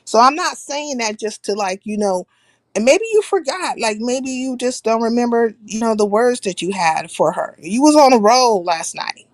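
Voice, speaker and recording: A woman hosting a casual live stream, talking bluntly and swearing freely, pausing to shout out viewers by name. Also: fairly high pitch, expressive, dry recording.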